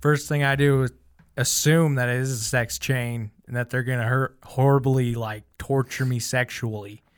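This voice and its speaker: A man's voice: medium pitch, fairly even intonation, smooth, no room sound, clean studio sound. A man playing a tabletop game, joking crudely and drawing his words out. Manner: crude, joking, drawn-out talk. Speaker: player. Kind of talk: casual tabletop game play.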